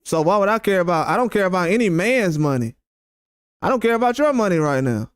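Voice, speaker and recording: A man's voice: high-pitched, animated, quick pace, clean tone, dry recording, studio quality. A man hosting a boxing channel, ranting bluntly and heatedly at his chat with repeated, profane jabs. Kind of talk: live-stream rant responding to chat.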